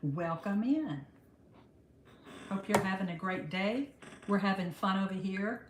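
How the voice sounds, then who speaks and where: An older woman with a drawl chats on a livestream, greeting viewers by name and calling them honey. Her voice sits at an ordinary middle pitch. The room gives it a noticeable echo. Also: animated, unhurried, noisy background. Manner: chatty, affectionate, calls viewers honey. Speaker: livestream host. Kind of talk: casual live chat greeting viewers. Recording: roomy echo.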